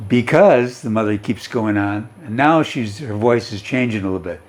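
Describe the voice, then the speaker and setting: A man's voice: on the low side, a little fast. A male teacher reading and explaining a story, who keeps checking in with his students.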